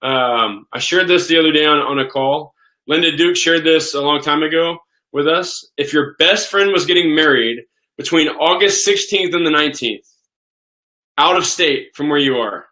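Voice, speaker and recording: An excitable man in his thirties chats through a live Q&A, his voice bright and forward. He doubles back on words and restarts sentences as the ideas tumble out, keeping things loose and eager. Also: fairly high pitch, normal speed. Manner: enthusiastic, excitable, repeats words and restarts often. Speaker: host of a live question-and-answer stream. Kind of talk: casual live Q&A chat.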